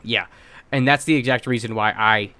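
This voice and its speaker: A young man co-hosting a podcast in casual chat, telling workplace stories in a blunt, profane, animated way. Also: mid-range voice, normal speed, clean tone. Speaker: podcast co-host.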